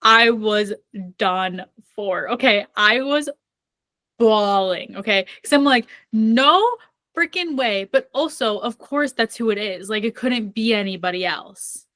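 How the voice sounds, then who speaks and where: Young woman podcast co-host, emphatic storyteller, mid-pitched voice, dry studio sound. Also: measured pace, bright, forceful tone, no echo. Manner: emphatic, dramatic retelling. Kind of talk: casual book chat.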